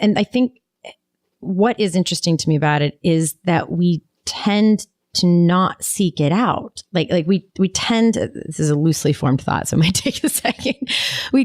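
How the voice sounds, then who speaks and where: A woman's voice: mid-range voice, lively intonation, moderate pace, a little mellow, no room sound, studio quality. A woman hosting a podcast in casual conversation, thinking aloud and often restarting her sentences. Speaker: podcast host.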